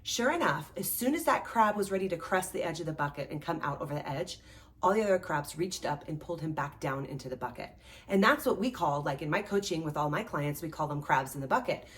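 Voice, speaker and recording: A woman hosting a show and working as a life coach, giving a motivational talk in an animated, chatty way, with lots of "like" and "right?". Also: sits low, brisk. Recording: voice a bit distant from the mic.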